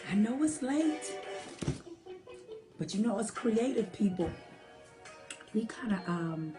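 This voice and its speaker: A woman hosting a late-night livestream from home, chatting softly and reading viewer comments aloud. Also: mid-range voice, big pitch swings, takes it slowly. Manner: chatty, talks to viewers as y'all, soft half-whispered. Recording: faint music behind the voice. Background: old-school music playing.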